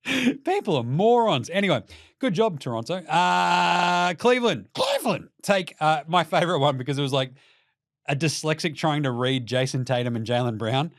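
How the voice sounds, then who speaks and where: A man's voice: on the high side, expressive, moderate pace, vocal fry, no room sound, clean studio sound. A young Australian man hosting a podcast, giving a mocking, sweary rant of casual commentary. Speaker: podcast host.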